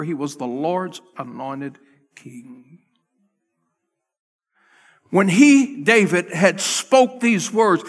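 Male pastor telling a bible story in a sermon, sharp bright voice, big echoey church. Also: high voice. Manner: dramatic storytelling, acting out scenes. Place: church sanctuary.

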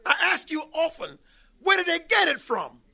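A man preaching an emphatic sermon that rises now and then to shouts. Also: extremely high pitch, wildly swooping pitch, normal speed, gravelly.

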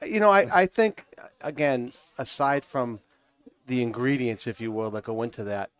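A man's voice: medium pitch, normal speed, smooth. A man with a New England accent, a cigar podcast co-host, chatting casually and telling rambling stories with easy laughs. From New Hampshire. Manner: rambling, storytelling, laughs easily. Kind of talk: casual chat.

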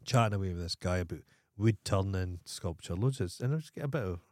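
A man's voice: deep voice, brisk, darkish tone, dry recording, studio quality. A Scottish man co-hosting a casual podcast, telling stories in a blunt, profane way. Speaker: podcast co-host.

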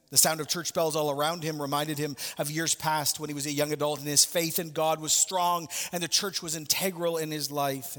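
A man's voice: fairly high pitch, a bit bright, long reverb tail. A male pastor preaching a sermon, telling a story with asides and direct questions to his listeners.

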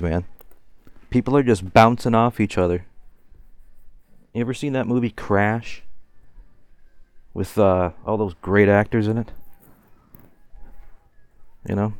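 A man in his forties tells an angry story in a fired-up, ranting way. His voice sits fairly low and sounds close and dry, with little room around it. He laughs as he goes and swears casually. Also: a little mellow, smooth, no echo. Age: 40s. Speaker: vlogger.

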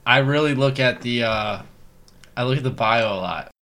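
A man's voice: mid-range voice, moderate pace, a bit bright. A young man co-hosting a podcast, crude and joking, laughing often in casual banter. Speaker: podcast co-host.

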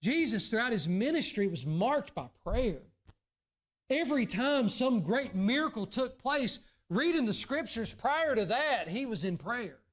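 A Southern US man preaching from the pulpit with a notably high voice. He moves between quiet, low asides and raised, emphatic lines, earnest throughout. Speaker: pastor. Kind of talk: sermon. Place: church sanctuary.

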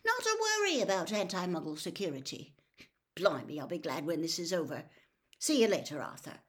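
A woman's voice: fairly low pitch, sing-song, brisk, husky. A worn-out male wizard official, muttering and grumbling under his breath, as a woman storyteller puts him on. Tired and fed up, in a storybook reading. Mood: weary. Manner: muttering, weary.

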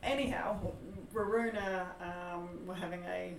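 A woman's voice: lowish voice, fairly even intonation, unhurried, gravelly, a little hiss or hum. Aussie woman, matter-of-fact, chatting about funding and events, roomy echo, a bit off mic. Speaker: community event organiser. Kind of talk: casual chat. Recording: echoey room, a bit far from the mic.

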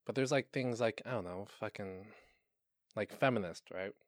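A young man in casual podcast chat, swearing freely and laughing often, his voice jumping high when excited. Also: normal speed, no echo, clean studio sound. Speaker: podcast co-host.

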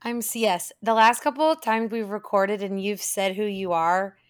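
A woman co-hosting a podcast, talking in loose, rambling chat. Her voice has a slight rasp and grit to it, and she laughs often between thoughts. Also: mid-range voice, moderate pace. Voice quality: slightly raspy, gritty tone right now. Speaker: podcast co-host. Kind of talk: casual chat.

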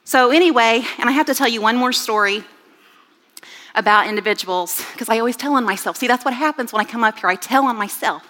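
A woman in her forties giving a sermon with personal stories, chatty and animated, with rising exclamations. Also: fairly high pitch, brisk. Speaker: church speaker. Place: church sanctuary. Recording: reverberant church hall.

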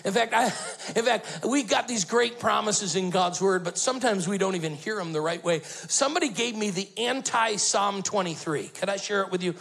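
A man, the lead pastor, preaching a sermon, telling stories and building to loud emphatic bursts. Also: sits high, moderate pace, gravelly, few pauses, low-quality recording.

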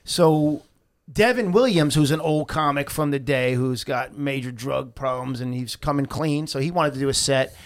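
A man's voice: mid-range voice, moderate pace. A man telling a long comedy-club story on a podcast, swearing often and acting out what others said. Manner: animated, acts out quotes loudly, swears often. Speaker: comedian guest.

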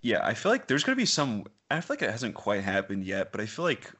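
Lowish guy cracking jokes and laughing on a movie podcast. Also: huge pitch swings, fast, pushed and bright. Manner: joking, laughs often. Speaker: podcast co-host. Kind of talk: casual chat.

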